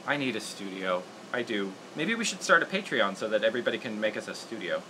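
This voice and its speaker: A man's voice: on the low side, lively intonation, fast, noisy background. Rambling, self-deprecating man crafting. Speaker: puppeteer host. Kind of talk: casual livestream tutorial.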